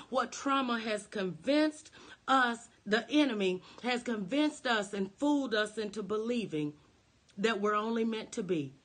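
A woman in her thirties preaching a sermon with a fervent, repetitive cadence, tagging lines with "right?" and dropping soft and low when quoting Jesus.

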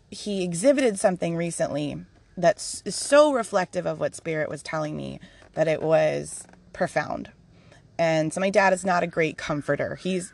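A woman's voice: on the low side, darkish tone, dry recording. A woman hosting a podcast in a casual, candid monologue, laughing often as she shares. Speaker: podcast host.

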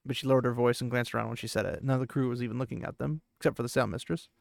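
A man's voice: medium pitch, steady tone, racing, vocal fry, a little mellow, no room sound, studio quality. A man hosting a podcast, casually retelling a book chapter with chatty asides. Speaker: podcast host.

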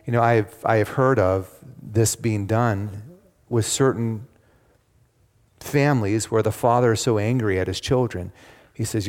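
A man's voice: fairly low pitch, normal speed, darkish tone. Man preaching in a reverberant hall. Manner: engaging, asks the congregation questions. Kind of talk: sermon.

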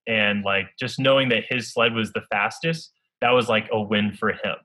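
A man, a young Olympic athlete, telling a personal story in an earnest, halting way full of fillers and restarts. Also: lowish voice, sharp tone, low-quality recording. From United States.

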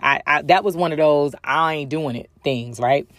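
A woman's voice: low voice, normal speed, fairly bright tone, no room sound. Chatty storytelling woman, dry close sound. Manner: chatty, frequent ums, acts out other people's lines. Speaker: speaker telling a personal story. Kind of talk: casual storytelling talk.

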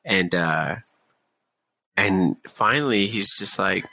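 A man telling army stories in a casual podcast chat, animated, swearing and laughing often. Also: sits low, a little slow, no room sound. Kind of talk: casual storytelling.

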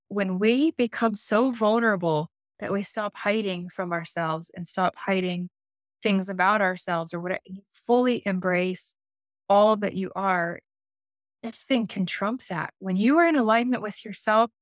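Animated woman telling a story, dry sound. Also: mid-range voice, no echo. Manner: animated, acts out her own inner voices; laughs often while telling stories. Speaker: intuitive life coach, guest. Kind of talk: casual storytelling in a podcast interview.

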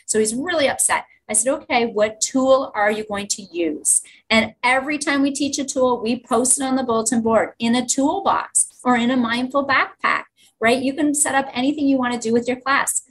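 A woman's voice: sits high, fairly even intonation, fairly quick, a bit bright, slight background noise, low-quality recording. A woman teacher speaking as a podcast guest, telling classroom stories with enthusiasm. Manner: enthusiastic storyteller, acts out children's voices. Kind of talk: conversational podcast interview.

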